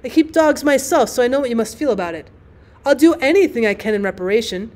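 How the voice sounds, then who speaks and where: A woman voicing an eager, apologetic young gentleman motorist in an audiobook, earnest and hurried. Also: a little high, expressive, natural voice. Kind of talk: audiobook character reading.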